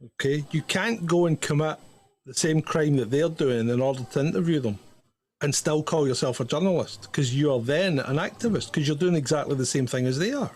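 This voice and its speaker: A middle-aged man co-hosting a live stream, blunt and teasing with plenty of swearing. His voice is husky and sits a touch high. He talks plainly and calls things as he sees them. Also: fairly quick. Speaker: co-host. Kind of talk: casual live-stream chat.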